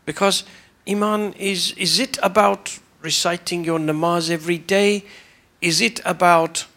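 A man's voice: high-pitched, steady tone, measured pace, sharp tone. A man attending a religious class, politely asking a searching question while thinking aloud.

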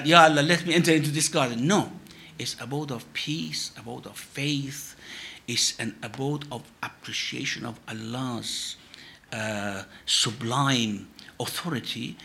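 A man, a sheikh, answering questions in a religious teaching session with measured, emphatic phrasing. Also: mid-range voice, vocal fry, sharp tone.

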